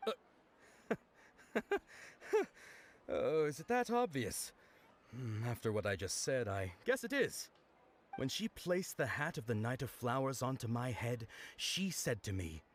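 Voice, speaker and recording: An actor playing a bashful, earnest young knight who speaks hesitantly in game dialogue. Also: male voice, medium pitch, big pitch swings, unhurried. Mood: lovestruck. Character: shy young male knight, earnest and lovestruck.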